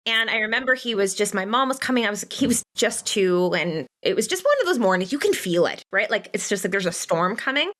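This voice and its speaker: Woman podcast host, mid-pitched, chatty and anecdotal. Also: lively intonation, a little fast, few pauses, a bit bright. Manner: chatty, tells personal stories with asides. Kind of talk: conversational interview.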